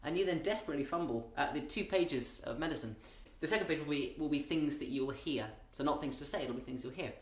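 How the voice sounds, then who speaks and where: A man's voice: a little high, fast talker, hardly any pauses. Wry British man in an echoey room. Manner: wry, rambling, self-interrupting. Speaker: comedian. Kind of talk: comic monologue.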